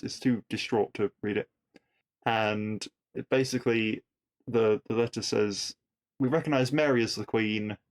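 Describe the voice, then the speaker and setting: A man hosting a podcast, casually recapping a TV episode with wry asides and rhetorical questions. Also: medium pitch.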